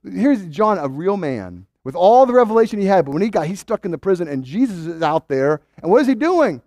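Guy preaching, high voice, super animated, acts out people's doubts, dry sound. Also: a little fast, dry recording. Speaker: pastor. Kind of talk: sermon.

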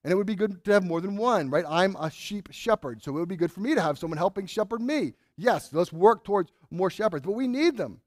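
A man's voice: high voice, lively intonation, a little fast, few pauses, a little mellow, no room sound, studio quality. A man preaching a sermon as pastor, earnest and emphatic, stressing key words and putting questions to his congregation. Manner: asks the congregation rhetorical questions.

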